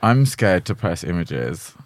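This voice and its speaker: A man's voice: low-pitched, very animated, a little slow, no room sound, studio quality. A young man hosting a podcast, chatting in a gossipy way, swearing freely and laughing often. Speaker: podcast host. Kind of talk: casual chat.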